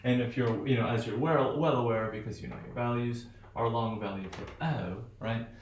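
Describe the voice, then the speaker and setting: Casting: male pronunciation teacher, mid-pitched, loose rambling lecture, reverberant room. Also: fairly even intonation, normal speed, slight background noise. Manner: thinks aloud with many fillers and "right?" tags. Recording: echoey room.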